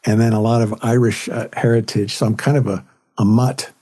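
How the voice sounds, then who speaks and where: A man's voice: on the low side, steady tone, brisk, mellow. A man, a comedian and author, telling anecdotes and jokes as a podcast interview guest. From California, USA. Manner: anecdotal, tells jokes with quoted voices.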